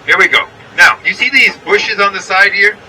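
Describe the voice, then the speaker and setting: A man's voice: high-pitched, moderate pace, sharp tone, distant mic, a little hiss or hum, poor audio. A man with a New York accent guiding a bus tour, chatty and checking in with his listeners as he points out sights from a moving vehicle. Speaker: tour guide. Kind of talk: guided bus tour narration.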